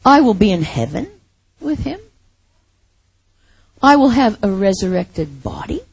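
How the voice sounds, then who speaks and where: A woman preaching a sermon, slow and dramatic, swinging from loud to whispered. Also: mid-range voice, sing-song, creaky, breathy edge, no room sound.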